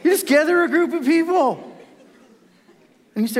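A middle-aged man preaches a sermon to a live congregation. His voice is high and very animated, and it leaps up and down as he acts out the quoted voices. It is recorded in a large church hall with a long, ringing reverb. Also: moderate pace, pauses often, a faint crowd. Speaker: pastor.

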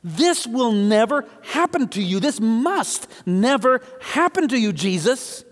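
Frantic young disciple, high fast pleading, as a preacher puts him on, echoey hall. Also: male voice, very animated, heavily acted. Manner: urgent, hushed then pleading and rapid. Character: panicky young male disciple pleading with his leader.

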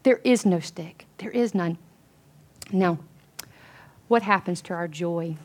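This women's Bible study speaker has a darkish, lowish voice and takes her time. She preaches earnestly but conversationally to the group, with plenty of fillers and false starts along the way.

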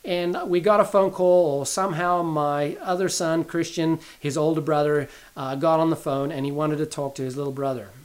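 A man's voice: on the high side, fairly even intonation, normal speed, few pauses. A middle-aged man giving an earnest, sermon-style Bible teaching, repeating key phrases for emphasis as he tells a family story.

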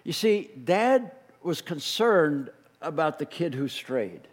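A middle-aged man preaching a sermon as a pastor, telling the story in an animated way and acting out the voices he quotes. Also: fairly high pitch, slow pace, husky. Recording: long reverb of a large hall.

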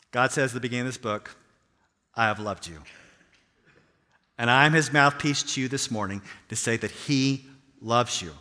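A man preaching a sermon as pastor, animated and acting out the voices he quotes. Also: mid-range voice, in a large hall. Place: church sanctuary.

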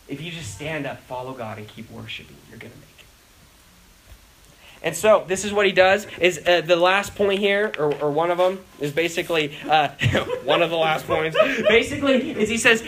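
A young man preaching a lively sermon as a youth pastor, acting out prayers and voices with laughter. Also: fairly high pitch, moderate pace, slight background noise, low-quality recording.

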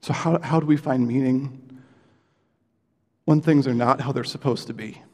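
A man of middle pitch preaches in an earnest, conversational way, often pausing on fillers and restarting his sentences. His voice carries a long reverb, as if he were in a large hall. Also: darkish tone. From United States. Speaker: pastor. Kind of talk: sermon.

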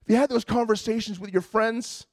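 High-pitched guy preaching, acts out voices in his stories, dry close sound. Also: brisk, no echo. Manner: animated storytelling, acting out quoted voices. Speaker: pastor. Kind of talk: sermon.

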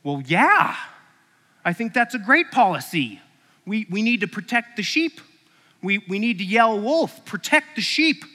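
A man's voice: high-pitched, sing-song, unhurried, pushed and bright, pitched above the performer's own voice, heavily acted. A man playing a blunt, self-serving ten-year-old shepherd boy in a preaching story. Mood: eager. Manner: blunt and offhand. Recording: echoey hall.

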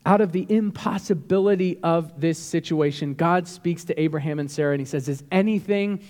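Male pastor, high tenor, emphatic sermon delivery, long reverb of a church hall. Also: fairly quick. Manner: animated, emphatic preaching with rising bursts.

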